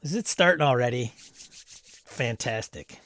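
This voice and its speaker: A man hosts a relaxed live stream, greeting viewers by name and reading their chat aloud with snarky asides. His voice sits in an ordinary middle pitch. The sound is close and dry, with no room echo. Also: slow. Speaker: livestream host.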